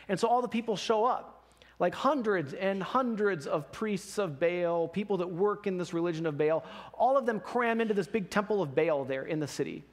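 A man preaching in a church, retelling a story in a casual, animated way, laughing along. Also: sits high, moderate pace. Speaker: pastor. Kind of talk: sermon.

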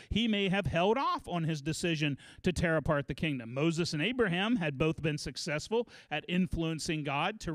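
High-voiced pastor preaching a sermon. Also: male voice, no echo. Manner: animated storytelling, acts out quotes. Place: church.

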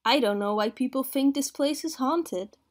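A woman's voice: high-pitched, normal speed, pitched above the performer's own voice, lightly acted. A woman reading a picture book aloud, voicing a dim-witted male gang thug who is boastful and greedy.

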